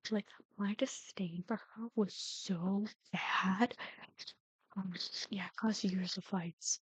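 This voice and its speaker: Speaking slowly in a husky, mid-range voice with fairly even intonation, a woman in her twenties narrates family stories while playing the Sims. She's chatty and frequently drops to a whisper; the recording is dry with poor audio.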